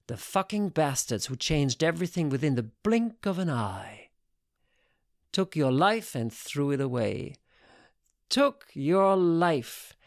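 A man's voice: on the high side, dry recording, studio quality, heavily acted. A man reading a bitter, foul-mouthed woman lover. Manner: blunt, profane, slow and intense.

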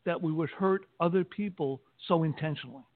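A man speaking in a measured way with formal wording in a casual discussion. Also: a little high, no room sound. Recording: tinny phone-like call audio, dry.

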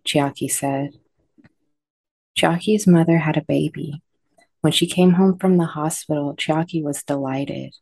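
A woman hosting a sleep podcast, calmly guiding relaxation and reading a story aloud. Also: low-pitched, measured pace, gravelly, no room sound. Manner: calm, soft, guiding relaxation. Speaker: podcast host and sleep guide. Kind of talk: soothing sleep story narration.

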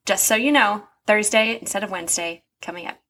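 A woman's voice: mid-range voice, a little fast, bright, forceful tone. A young woman co-hosting a podcast, earnest and self-deprecating in a casual chat. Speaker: podcast co-host.

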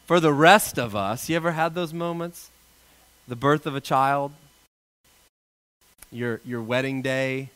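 A male pastor delivering a sermon, an animated storyteller who jokes with his congregation. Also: medium pitch, unhurried, long pauses, smooth.

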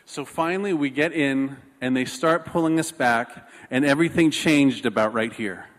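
Animated storytelling pastor in a reverberant hall. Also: male voice, mid-range voice, moderate pace. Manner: animated, self-mocking storytelling. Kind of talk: sermon with a personal story.

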